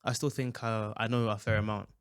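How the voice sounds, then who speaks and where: A man's voice: on the low side, flat delivery, brisk, clean tone. A young man, a guest content creator chatting casually in an interview, with many fillers and restarts. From England.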